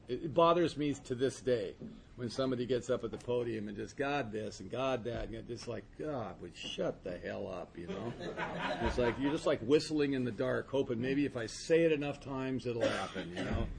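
A man's voice: mid-range voice, normal speed, vocal fry, a little hiss or hum. A man speaking candidly and conversationally at a recovery meeting, rambling with frequent asides. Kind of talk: personal testimony talk.

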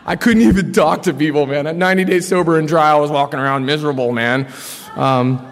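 A man in his thirties speaks from a podium in a large hall, telling his personal story in a loose, slangy, animated way. His voice sits a little high for a man, and a long reverb trails each phrase. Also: quick pace. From Colorado. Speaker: speaker sharing his story at a recovery meeting. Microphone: podium mic.

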